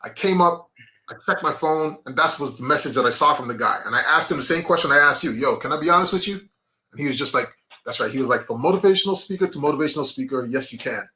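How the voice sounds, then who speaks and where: A man's voice: a little high, animated, quick pace, bright, forceful tone. A man, a motivational speaker and podcast guest, telling personal stories in casual conversation, acting out quoted voices and often saying "man" and "bro". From grew up on an island.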